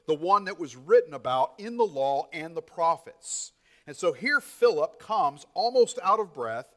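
A male pastor delivers a sermon like a conversational Bible lesson. His voice sits somewhat high, and he often checks in with his listeners. When he acts out a quote, his tone lifts with animated excitement. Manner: conversational teaching with frequent "okay?" checks.

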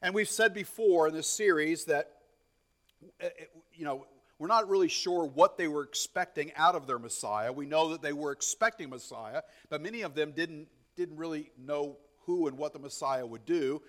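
Animated, fairly high-voiced male preacher. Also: normal speed. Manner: conversational teaching with frequent "okay?" checks; animated, acts out quotes with rising pitch. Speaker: pastor. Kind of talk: sermon.

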